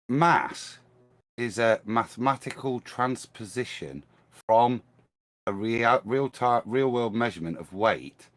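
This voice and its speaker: A man's voice: mid-range voice, a bit bright. A man on a live stream, chatting casually in a hesitant, self-mocking way with frequent restarts. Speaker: guest on a livestream. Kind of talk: casual chat, telling an anecdote.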